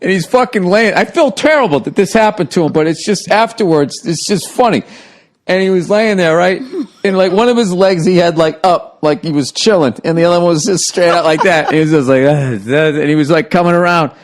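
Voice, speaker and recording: A man's voice: sits high, fairly quick. A man hosting a podcast, telling a story in casual chat, swearing a lot and laughing through it. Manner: profane, laughs through his own story. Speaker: podcast host.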